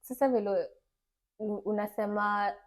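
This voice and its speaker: A woman's voice: medium pitch, fairly even intonation, moderate pace. A young woman on a casual podcast, talking earnestly and mixing Swahili into her English. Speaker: podcast co-host. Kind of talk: casual chat.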